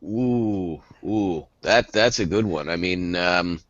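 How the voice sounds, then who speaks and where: A man's voice: sits low, slow, dry recording, muffled recording. Rambling man in casual hockey talk. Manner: rambling, many fillers and restarts. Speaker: hockey show co-host.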